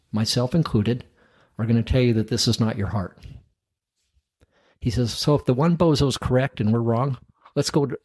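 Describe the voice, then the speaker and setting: A man's voice: mid-range voice, darkish tone, no room sound. A middle-aged man, a podcast guest, tells his own story in casual talk, acting out the voices of the people in it and chuckling at himself.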